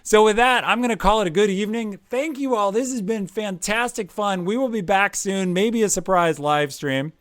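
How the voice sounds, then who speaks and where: A man's voice: high-pitched, normal speed, hardly any pauses, dry recording, studio quality. Chatty middle-aged man hosting a live stream. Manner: chatty, rambling, jokey, with frequent ums and uhs. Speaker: livestream host giving career advice. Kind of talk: casual live-stream chat.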